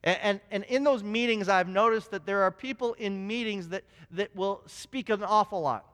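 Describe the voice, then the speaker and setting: High-voiced preacher in a reverberant hall. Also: male voice, moderate pace, smooth. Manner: storytelling, animated, many restarts. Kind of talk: sermon with personal stories.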